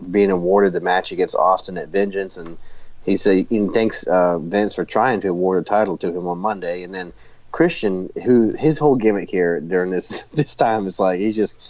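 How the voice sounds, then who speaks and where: A man's voice: low voice, no room sound, highs cut off. A man co-hosting a podcast, recapping in casual chat and rambling with lots of fillers and restarts. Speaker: podcast co-host.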